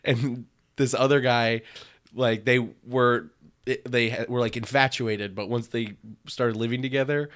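Slow-talking laughing guy chatting. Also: medium pitch, steady tone, a bit bright, clear, resonant tone. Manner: laughs often, rambling anecdotes. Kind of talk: casual chat.

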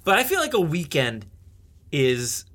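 A man's voice: on the high side, huge pitch swings, a little slow, fairly bright tone. A man co-hosting a podcast in loose, profane banter, talking around a sore bitten tongue and laughing often. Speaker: podcast co-host.

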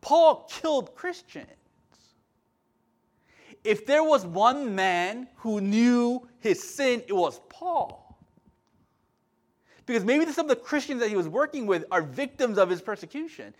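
A man preaching a sermon as pastor, impassioned, swinging between loud emphatic lines and quiet asides, often restarting and repeating words. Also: very high voice, lively intonation, unhurried, long pauses.

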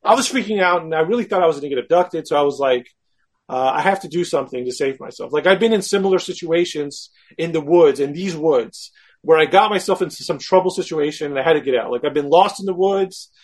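A guest with a high, husky voice tells a story quickly, animated and frank, acting out his own thoughts and poking fun at himself. The delivery stays conversational and casual.

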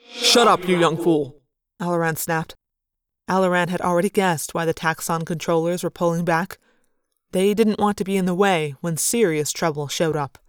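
A woman reads a science-fiction story aloud in first person, leaning into the action with dramatic energy. Her voice is smooth and resonant, on the lower side. The recording is close and dry, with no room sound. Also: dry recording. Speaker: audiobook narrator.

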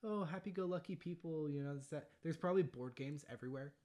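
A man's voice: fairly high pitch, quick pace, darkish tone. A man chatting casually about a movie, laid-back and saying "like" a lot. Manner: laid-back, leans on "like" and "for sure".

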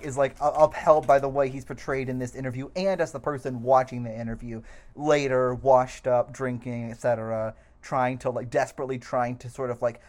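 A podcast co-host with a middle-pitched voice analyzes a movie in relaxed chat. The talk is halting and thoughtful, padded with fillers while ideas form. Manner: thoughtful, hedging with many fillers. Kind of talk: casual film discussion.

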